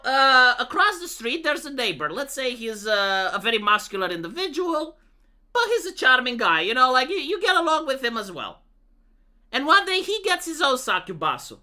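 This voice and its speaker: A man's voice: very high voice, sharp tone. A man chatting casually with his livestream viewers, telling rambling stories with many restarts and swearing. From Romania. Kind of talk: casual chat to stream viewers.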